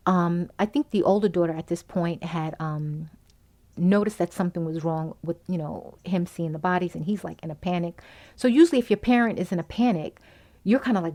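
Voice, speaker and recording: Podcast host, female, slightly low voice, loose and chatty, lots of "you know", acts out the characters' lines as she recaps the plot. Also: normal speed. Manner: animated retelling, acting out the characters' lines. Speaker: podcast host reviewing a movie. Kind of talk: casual movie recap.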